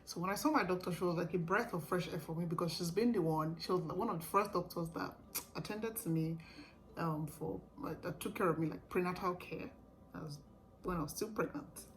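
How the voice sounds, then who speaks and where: A young woman vlogger telling her own story in a casual, animated way, often laughing. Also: on the low side, a little fast, poor audio.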